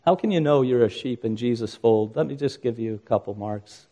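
A man's voice: medium pitch, fairly quick, dark tone. An older man preaching a sermon as pastor, earnest and rising to impassioned emphasis.

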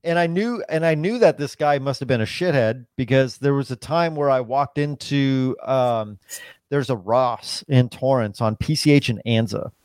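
A man talking loosely on a podcast, his speech full of filler words and swearing, wandering from one point to the next. His voice sits in an ordinary middle pitch. It is picked up close and dry, with no room sound. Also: normal speed, a little mellow, clean tone, dry recording. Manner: rambling, heavy swearing, lots of "like" and "dude". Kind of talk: casual chat.

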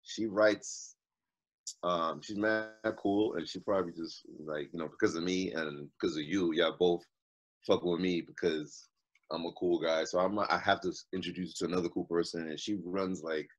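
A man's voice: sits low, steady tone, moderate pace, lo-fi sound. A man hosting a casual video-call chat, slangy and laid-back with many fillers.

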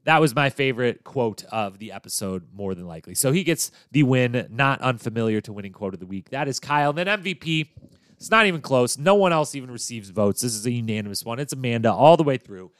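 A man's voice: mid-range voice, animated, quick pace, dry recording, studio quality. A man hosting a podcast, chatting casually through a recap of a TV episode in an upbeat, loose way with fillers and restarts. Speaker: podcast host.

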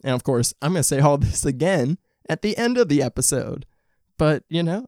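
A male podcast host chats on his own at home in a loose, rambling way, swearing freely and restarting his sentences. His voice is gravelly and his throat sounds dry and rough. The sound is close and dry, with no room echo. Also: fairly high pitch, expressive, brisk, darkish tone. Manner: rambling, candid and profane, with frequent restarts. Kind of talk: casual solo podcast chat.

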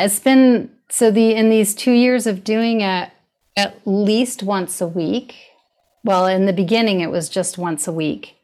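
A woman's voice: fairly low pitch, a little mellow. A middle-aged woman in casual conversation, speaking thoughtfully and laughing easily. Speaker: guest.

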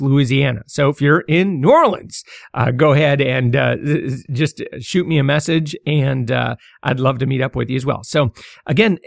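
A man's voice: mid-range voice, creaky, no room sound, studio quality. A middle-aged man hosting a casual solo podcast, talking with many fillers, stammers and restarts. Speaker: podcast host.

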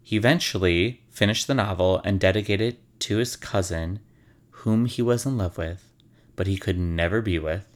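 A man's voice: low voice, normal speed. A man hosting, telling stories in a casual, wry and sarcastic way, swearing freely. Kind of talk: casual storytelling.

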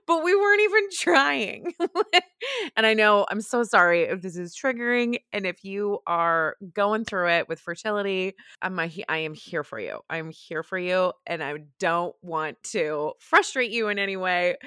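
A woman in her thirties hosts her own podcast and shares a personal story candidly, breaking into laughter again and again. Her voice sits a little low for a woman. It sounds close and dry, with no room echo. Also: pushed and bright, smooth. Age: 30s. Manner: frank and confessional, laughs often. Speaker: podcast host.

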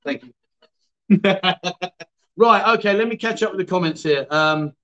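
A man's voice: high-pitched, a little slow, fairly bright tone, dull audio, faint music behind. Man in his fifties, livestream host, casual chat, teasing, reads out comments. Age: 50s. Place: indoors, lounge.

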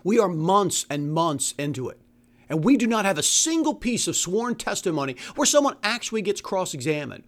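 A man rants at full tilt in a solo talk show, exasperated and swearing freely. His pitch swings widely as he jumps between anger and sarcasm. He mocks opponents in put-on voices. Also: big pitch swings, normal speed. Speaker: podcast host. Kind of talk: angry monologue rant.

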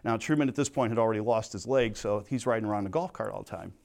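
A middle-aged man teaching a sermon in earnest, storytelling fashion, moving between soft asides and emphatic points. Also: fairly low pitch, fast, vocal fry. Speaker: Bible teacher.

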